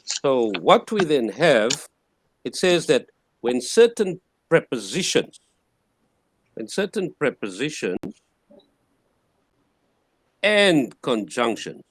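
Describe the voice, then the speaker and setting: A man teaching a language class, patiently repeating words slowly to model their pronunciation. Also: mid-range voice, sing-song, no room sound, clean studio sound. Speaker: Greek teacher. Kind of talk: classroom lecture.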